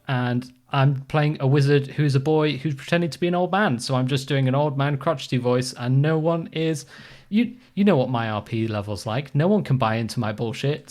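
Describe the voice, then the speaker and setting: A podcast host chatting casually with co-hosts, rambling and self-deprecating with many fillers. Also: mid-range voice.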